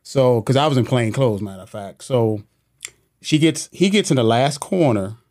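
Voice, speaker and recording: A man in a podcast studio, recounting a police chase in casual, animated storytelling. He drops slang and acts out what people said. His voice sits at a middle pitch. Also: moderate pace. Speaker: police officer guest.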